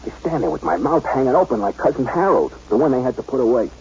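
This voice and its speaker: An actor playing a talkative, wisecracking ex-Marine from Brooklyn with a Brooklyn accent, narrating and leading a 1940s radio drama. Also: male voice, mid-range voice, sing-song, fast, a little mellow, husky. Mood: wry. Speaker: narrator and lead. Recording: dull old radio broadcast.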